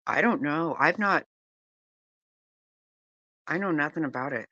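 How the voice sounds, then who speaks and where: Low-voiced, slow, laughing woman host. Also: lively intonation, sharp tone, dry recording, dull audio. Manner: laughs often, exclaims in disbelief. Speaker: live-stream host reading chat. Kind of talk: casual live-stream chat.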